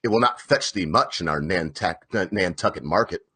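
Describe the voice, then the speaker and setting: Sober first mate, played by a man; lower, measured, husky. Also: lively intonation, pushed and bright, full character voice. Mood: reproachful. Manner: measured, reproachful.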